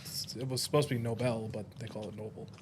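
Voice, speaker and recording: A man's voice: fairly low pitch, steady tone, quick pace, a little hiss or hum. A man co-hosting a podcast in casual chat, speaking in a dry, matter-of-fact way with teasing asides. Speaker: podcast co-host.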